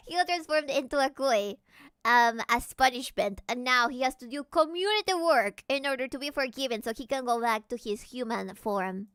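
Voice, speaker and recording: A woman from Peru streaming a casual reaction chat, animated and giggly as she translates and explains. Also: a little high, clean tone, no echo, studio quality.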